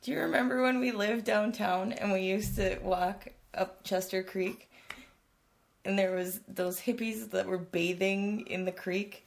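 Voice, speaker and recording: A woman joining a podcast as a guest, chatting casually and giggling between her words. Her voice sits at a middle pitch for a woman. She tells her side of the story in a loose, friendly way. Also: steady tone, unhurried, gravelly. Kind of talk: casual chat.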